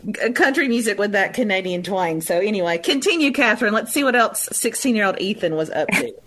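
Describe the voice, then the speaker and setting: A woman with a strong Alabama drawl hosts a podcast, chatting and rambling freely. Her voice is bright and forceful, set at a middle pitch. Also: expressive, a little fast. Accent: Southern US, Alabama. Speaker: podcast host. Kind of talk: casual podcast chat.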